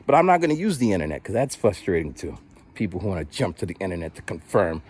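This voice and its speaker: Deep, darkish and edged with breathiness, this fortysomething vlogger and rapper talks fast and very animatedly. He chats loosely to camera on an outdoor walk, mimicking the voices of others as he goes.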